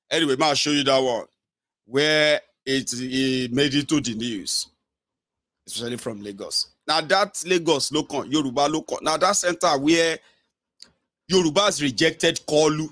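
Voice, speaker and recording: A man's voice: fairly high pitch, normal speed, no echo, clean studio sound. A man with a Nigerian accent giving casual political commentary, switching between English, Pidgin and Yoruba. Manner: mixes English with Pidgin and Yoruba, animated mimicry.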